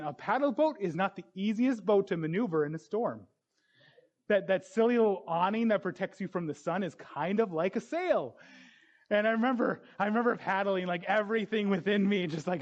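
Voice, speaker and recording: High-voiced man preaching a sermon. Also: muffled recording. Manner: storytelling, animated voices in retold scenes.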